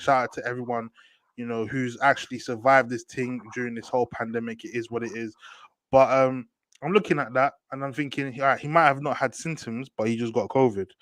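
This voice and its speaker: A man's voice: medium pitch, no room sound. Slangy young man, dry mic. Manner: slangy, animated, repeats "do you get me". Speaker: host. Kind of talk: casual football chat.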